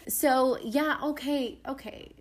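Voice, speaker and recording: Chatty woman with a fairly high voice. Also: takes it slowly. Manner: animated, questioning, frequent "like". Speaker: book podcast co-host. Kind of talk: casual chat about a novel.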